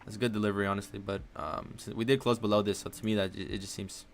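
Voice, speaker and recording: A man's voice: on the low side, steady tone, quick pace, slight background noise. A man live-streaming his day trading, talking casually and thinking aloud about chart levels, often tossing in "honestly" and "man". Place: at home at his trading desk with his dog on his lap.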